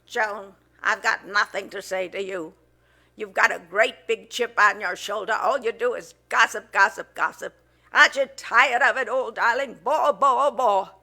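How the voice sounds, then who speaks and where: A woman's voice: mid-range voice, unhurried, sharp tone. A woman impersonating a haughty, dismissive older film actress with a grand drawl.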